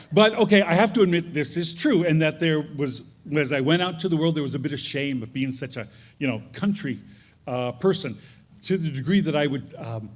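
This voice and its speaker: A man's voice: fairly high pitch, a little hiss or hum. A man telling a self-deprecating personal story on stage at a live storytelling event, chatty and laughing at his own jokes. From northern New York.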